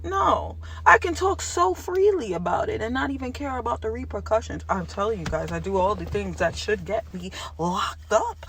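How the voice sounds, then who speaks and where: A woman vlogger talking straight to the camera in an impassioned monologue, jumping from yelling to hushed tones. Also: mid-range voice, expressive, moderate pace, creaky, few pauses, a little hiss or hum.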